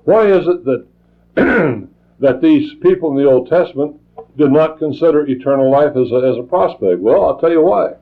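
A man preaching a sermon, talking in a halting way with many restarts and fillers. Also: a little high, animated. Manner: halting, repeats words, frequent fillers. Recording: tinny phone-like old tape recording.

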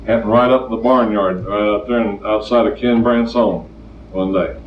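A man's voice: fairly low pitch, normal speed, slight background noise. An older male preacher delivers a sermon in a plainspoken, storytelling way, driving points home by repeating them. He sounds far from the mic in a roomy space, and the recording is dull and lo-fi. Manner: plainspoken, storytelling, emphatic repetition.

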